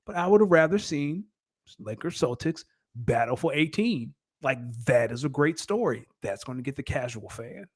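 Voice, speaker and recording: Brief: fairly high-voiced man arguing his point on a podcast, emphatic and casual. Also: animated, moderate pace. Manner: emphatic, argumentative. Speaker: podcast co-host.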